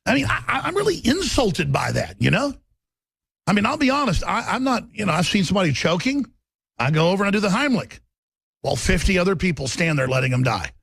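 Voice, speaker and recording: A man's voice: high voice, sing-song, quick pace, vocal fry, fairly bright tone, breathy edge, dry recording. A man hosting a talk-radio show, ranting in an impassioned, repetitive monologue into a studio microphone. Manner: ranting, repetitive, acts out quotes in mocking voices.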